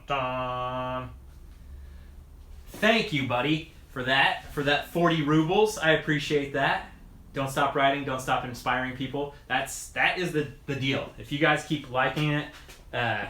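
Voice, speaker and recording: A man's voice: medium pitch, moderate pace, sharp tone. A man chatting casually on a live stream while working on his bike, rambling with lots of fillers and restarts and chuckling often. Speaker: mountain bike video creator answering live chat. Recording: echoey room sound.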